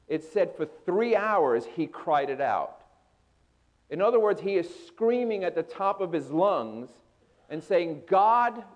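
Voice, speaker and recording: A man preaching a sermon as a pastor. He questions the congregation and moves between loud emphasis and hushed storytelling. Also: sits high, lo-fi sound.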